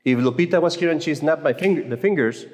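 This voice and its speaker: This speaker's voice is a little high and darkish, and he talks fast. He's addressing Catholic mothers at a conference with a relaxed, humorous faith talk, repeatedly stumbling and starting sentences over, all captured in a hall with long, echoing reverb.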